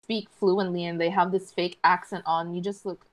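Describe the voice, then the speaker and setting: A woman's voice: lowish voice, level tone, moderate pace. Ranting woman podcaster. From Philippines. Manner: opinionated, ranting. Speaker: podcast co-host. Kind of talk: casual chat.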